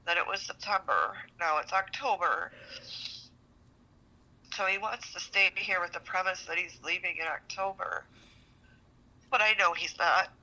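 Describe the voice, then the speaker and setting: A woman's voice: lowish voice, measured pace, long pauses, pushed and bright, low-quality recording. A woman telling a personal relationship story as a podcast guest, frustrated, venting, and swearing a lot. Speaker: guest seeking relationship advice.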